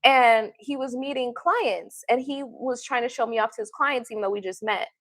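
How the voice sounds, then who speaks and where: A woman's voice: a little high, moderate pace, fairly bright tone, no echo. A woman hosting a livestream, telling stories in a blunt, profane, casual way and often laughing. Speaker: tarot reader and livestream host.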